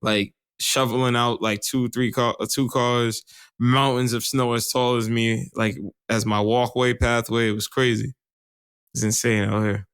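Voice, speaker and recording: A man's voice: medium pitch, little pitch movement, unhurried, fairly bright tone, clean tone, no echo, clean studio sound. A man co-hosting a podcast in casual, rambling chat, swearing and laughing often. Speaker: podcast co-host.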